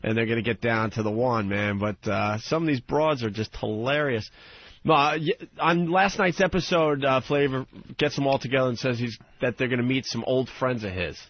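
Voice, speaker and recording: A man's voice: mid-range voice, normal speed. A man rambling through a story in casual comedic chat, full of fillers. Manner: rambling storyteller, lots of "like" and "dude". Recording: dull lo-fi podcast audio.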